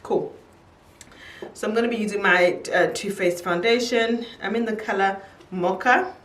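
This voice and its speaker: A woman's voice: mid-range voice, fairly even intonation, moderate pace, fairly bright tone, recorded from a distance, slight background noise. A young woman chatting casually to camera while doing her makeup, telling a story and laughing easily. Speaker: beauty vlogger. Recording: echoey room, voice from off-mic.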